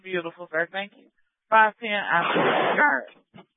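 A man's voice: high voice, measured pace, gravelly, noisy background. A man working as a police dispatcher, giving clipped, procedural calls over the radio. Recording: tinny police radio scanner audio.

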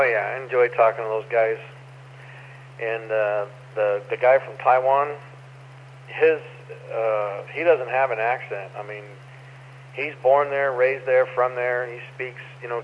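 An easygoing man talks plainly and matter-of-factly, his voice at a middle pitch. The sound is dulled by a radio link, and faint noise sits underneath. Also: dull audio. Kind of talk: casual radio chat.

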